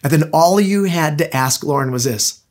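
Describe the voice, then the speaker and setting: A man's voice: a little high, normal speed. A middle-aged man preaching a sermon as pastor, in a conversational, anecdotal way with frequent restarts.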